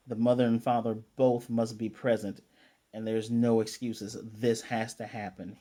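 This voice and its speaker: A man giving a casual, chatty recap and review of an anime episode, acting out characters' lines in quick asides. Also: medium pitch, dark tone. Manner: retells scenes with quick quoted character lines; chatty, with fillers and throat clearing.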